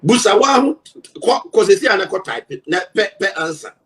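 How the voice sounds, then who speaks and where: A Ghanaian man, a broadcaster, giving forceful political commentary, firing rhetorical questions and mixing English and Twi. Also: high-pitched, sing-song, moderate pace, distant mic, low-quality recording.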